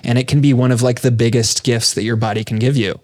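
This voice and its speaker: A man's voice: mid-range voice, fairly even intonation, fast, darkish tone. A young man as a podcast guest, explaining his ideas in a reflective, thoughtful way. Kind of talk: casual conversation.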